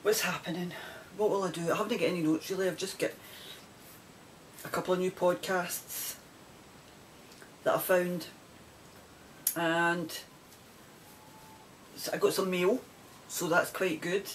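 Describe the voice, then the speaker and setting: A middle-aged woman with a Scottish accent talks to camera in a loose, rambling way and laughs easily. She sounds like she is recording at home. A faint low rumble hums under her voice. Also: steady tone, unhurried, long pauses, rough recording. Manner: chatty, rambling, laughs often. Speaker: knitting podcaster. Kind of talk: casual chat to camera.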